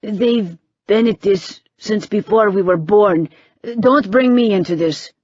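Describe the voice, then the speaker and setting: A woman's voice: medium pitch, measured pace, darkish tone, no echo, muffled recording, lightly acted. A woman doing a dry, weary young man. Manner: dry, matter-of-fact.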